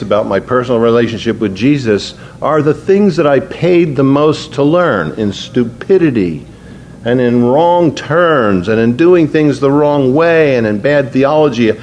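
A man's voice: mid-range voice, a little mellow, slight background noise. A man preaching a sermon in an earnest, conversational way, slipping into spoken prayer. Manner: earnest, conversational, prays aloud mid-sermon.

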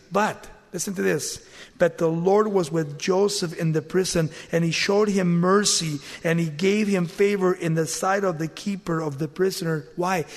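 A man preaching a sermon, dramatically acting out the lines he quotes, with sudden jumps in volume. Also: in a large hall. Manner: dramatic, acts out quoted lines with big swings in pitch and volume.

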